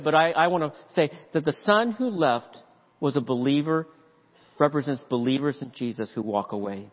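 A man preaching a sermon as pastor, animated and acting out voices in the story. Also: fairly high pitch. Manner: animated preaching, acts out the father's voice. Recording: dull lo-fi audio with long hall reverb.

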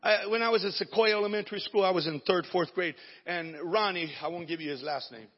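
A man preaching a sermon as pastor, moving from hushed storytelling to shouted preaching. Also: sits high, fast, slightly rough. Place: church sanctuary. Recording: dull lo-fi audio with long hall reverb.

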